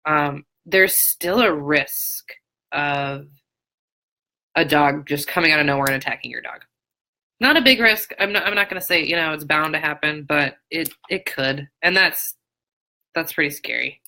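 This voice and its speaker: Frank, chatty woman, low and bright. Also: moderate pace, rough recording. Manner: frank, chatty, many fillers and restarts. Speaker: dog trainer. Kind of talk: live Q&A chat. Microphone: phone or webcam on a live stream.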